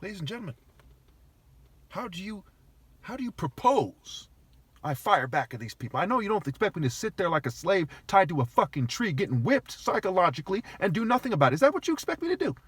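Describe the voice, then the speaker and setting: A man's voice: high-pitched, very animated, fairly quick, a bit bright, breathy edge, dry recording. A man talking straight to the camera in an agitated, argumentative rant, swearing heavily and sounding aggrieved. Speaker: vlogger. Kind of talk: agitated ranting monologue.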